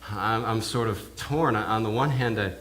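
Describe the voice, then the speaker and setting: In a church, a minister delivers a sermon in character as a first-person eyewitness, his voice fairly low and fairly bright. He halts and repeats words as he goes.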